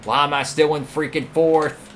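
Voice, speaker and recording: A young man commentating his own racing game run, excitable and talking at the other drivers. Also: a little high, normal speed, slight background noise. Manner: excitable, talks to rival drivers, frequent outbursts. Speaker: gaming channel host.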